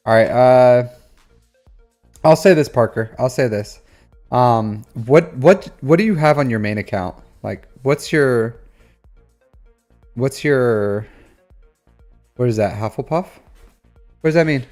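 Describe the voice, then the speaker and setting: This thirty-something game-account reviewer hosts his live stream at an easy pace, pausing often, with lively intonation and a slightly mellow, medium-pitched voice. Faint music plays behind his rambling, teasing banter with viewers.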